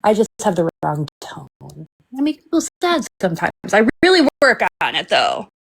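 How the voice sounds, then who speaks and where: A woman's voice: mid-range voice, sing-song, moderate pace, creaky, dry recording. A woman co-hosting a live stream, chatting casually in a rambling way with lots of filler words. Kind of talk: casual chat.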